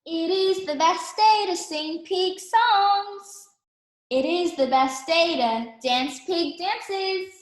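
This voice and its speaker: A bubbly cartoon pig bursts with joy, all high squeals and happy oinks, as a woman reads her out. The voice is pitched up high and rings a little in an echoey room. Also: lively intonation, slow, few pauses, full character voice. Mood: joyful. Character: excited cheerful young pig.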